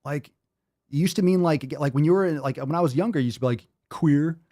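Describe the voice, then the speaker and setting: A man's voice: fairly high pitch, fast, dark tone, dry recording, clean studio sound. A man in his thirties hosting a podcast, ranting casually in an exasperated, profane way and repeating himself. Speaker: podcast host.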